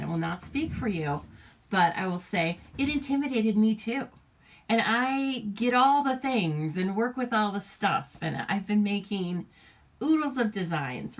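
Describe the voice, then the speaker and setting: A woman chatting her way through a live papercraft demonstration, greeting viewers by name and laughing often. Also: medium pitch. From United States. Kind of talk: casual live craft demonstration.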